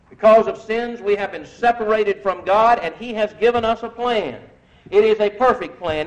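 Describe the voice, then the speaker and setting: High-voiced preacher on a dull recording. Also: male voice. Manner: measured, emphatic preaching with scripture quotes. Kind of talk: sermon.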